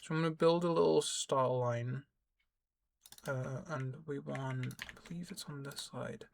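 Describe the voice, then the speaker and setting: A man's voice: medium pitch, fairly even intonation, unhurried, creaky. A young man giving casual, rambling gameplay tutorial commentary, correcting himself as he explains. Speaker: gaming YouTuber.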